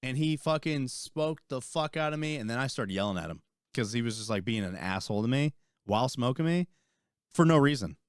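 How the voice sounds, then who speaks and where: A young man, an army veteran and podcast co-host, telling a rambling, profane story in casual chat and getting animated as he retells it. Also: mid-range voice, fairly quick, smooth, dry recording, studio quality.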